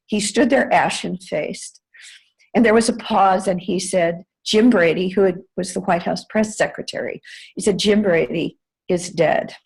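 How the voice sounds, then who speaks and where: A woman's voice: mid-range voice, darkish tone, slightly rough, poor audio. An older woman from the United States, telling a long story in an interview, with many fillers and self-corrections. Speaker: interview guest, former White House staffer. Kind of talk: conversational storytelling.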